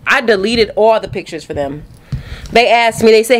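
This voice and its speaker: A woman's voice: on the high side, lively intonation, moderate pace, a little hiss or hum. A young woman with a Southern US accent chatting casually to her viewers in a vlog, sassy and talkative, calling them y'all and honey. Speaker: vlogger. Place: home closet.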